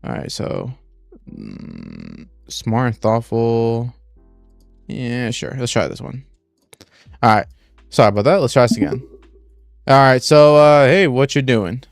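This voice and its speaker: A man's voice: mid-range voice, sing-song, takes it slowly, vocal fry, long pauses, no room sound, clean studio sound, faint music behind. A young man streaming live, rambling casually with lots of "like" and restarts and talking through what he is doing step by step. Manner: rambling, full of "like" and restarts, talks through each step aloud.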